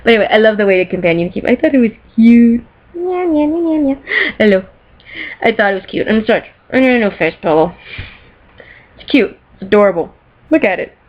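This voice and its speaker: A woman vlogger chatting casually and excitedly about things she bought, rambling and giggling, recorded in a bedroom. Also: medium pitch, fast. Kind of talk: casual chat showing off purchases. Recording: slightly dull lo-fi sound.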